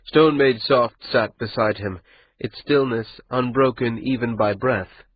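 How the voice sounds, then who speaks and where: A man reading a fantasy novel aloud in a measured, even style of scripted narration. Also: mid-range voice, slightly rough, no room sound, muffled recording. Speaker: audiobook narrator.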